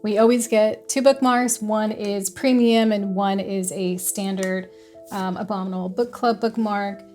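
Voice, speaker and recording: A woman's voice: medium pitch, fairly even intonation, unhurried, a little mellow, soft background music. A young adult woman casually chatting as a book vlogger who giggles and rambles between thoughts. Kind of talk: casual unboxing chat.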